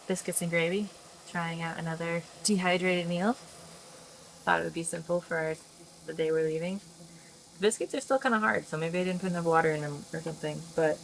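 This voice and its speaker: A woman's voice: on the low side, vocal fry, a little hiss or hum, rough recording. A young woman, a travel vlogger, chatting casually and upbeat at a campsite, often laughing. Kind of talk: casual chat.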